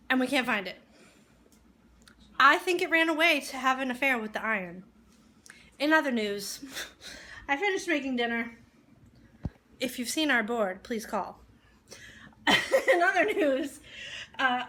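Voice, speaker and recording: A woman vlogging casually at home, playful and chatty and quick to laugh. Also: high voice, bright, forceful tone. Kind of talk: casual home vlog chat.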